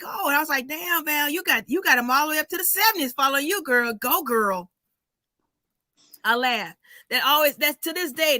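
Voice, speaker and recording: A woman comedian telling stories in a casual chat, animated and salty, acting out the people in them. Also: high-pitched, dry recording. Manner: animated storyteller, acts out voices, swears freely.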